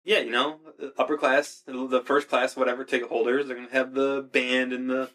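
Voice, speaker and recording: A man's voice: medium pitch, level tone, a little fast, fairly bright tone. A man chatting casually with a friend, laid-back, swearing freely and using many fillers. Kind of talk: casual podcast chat.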